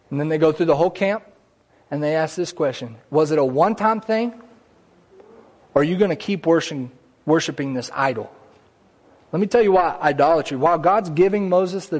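A man preaches to his congregation in a loose, conversational way. His voice sits a little high, and he breaks off now and then for small jokes and side comments. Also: a little mellow. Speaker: pastor. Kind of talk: sermon. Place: church sanctuary.

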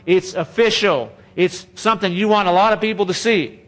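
A man's voice: sits high, normal speed, fairly bright tone. A man pastor preaching a sermon in a church, conversational and joking, often restarting and repeating phrases into a microphone. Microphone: handheld or stage microphone.

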